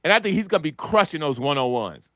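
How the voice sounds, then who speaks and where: A man argues on a sports talk podcast with a lively, swooping voice that climbs when he gets excited. He fires off rhetorical questions and answers them himself, recorded close and dry. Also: on the high side, quick pace, dry recording. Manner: animated, rhetorical questions, hype. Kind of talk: casual sports debate.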